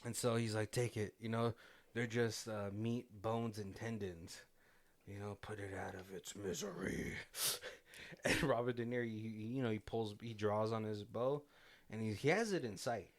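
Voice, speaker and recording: A man's voice: on the low side, normal speed. A man hosting a casual movie commentary chat, retelling scenes with quoted lines and frequent laughs. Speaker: podcast host.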